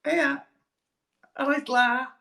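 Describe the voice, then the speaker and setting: A squeaky, overdone Liverpool bloke with a mock Scouse lilt, as a man hams it up. His voice jumps up high and bright in a sing-song way, and it rings around an echoey room. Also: steady tone, slow pace, gravelly, exaggerated voice. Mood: mock-cheery. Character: squeaky exaggerated Liverpool man, chummy greeting.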